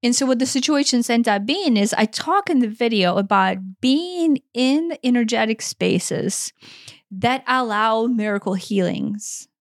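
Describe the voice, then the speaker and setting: A woman's voice: on the high side, expressive, unhurried, dry recording, studio quality. A woman in her forties co-hosting a podcast, talking in an earnest, emotional way and swearing freely. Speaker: podcast co-host. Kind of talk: casual conversation.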